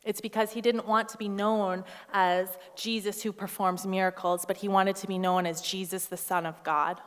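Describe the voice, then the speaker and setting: A woman in her thirties preaches with lively, theatrical energy, slipping into quoted voices and wry asides. Her pitch sits mid-range. Her voice rings out with a long church-hall tail behind it. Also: moderate pace, clear, resonant tone. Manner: animated, acts out quoted voices, humorous asides. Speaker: pastor. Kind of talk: sermon.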